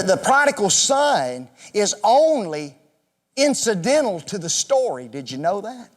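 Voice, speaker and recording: Man, Bible class teacher, high and very animated voice, playful quizzing style, long echo of a church hall. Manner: quizzes the class with questions, joking, often says "folks". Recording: echoey hall reverb.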